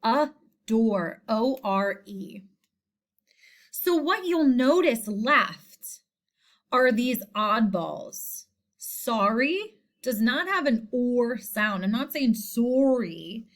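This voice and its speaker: A woman teacher with a slightly high voice explains a spelling lesson to her class. She talks slowly and patiently, spelling letters out one by one and repeating each word clearly. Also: lively intonation.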